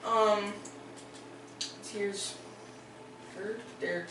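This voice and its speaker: A man's voice: high voice, steady tone, very slow, bright, forceful tone, far from the mic. A teenage boy hosting a casual vlog, rambling and hesitant, full of fillers and restarts. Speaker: video host. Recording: roomy echo, voice away from the mic, faint background noise.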